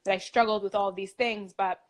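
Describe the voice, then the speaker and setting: A woman's voice: mid-range voice, fairly even intonation, a little fast. A young woman in her twenties, a dietitian, talking about her path in a casual, upbeat interview, with lots of "like" fillers. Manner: chatty, upbeat, many "like" fillers.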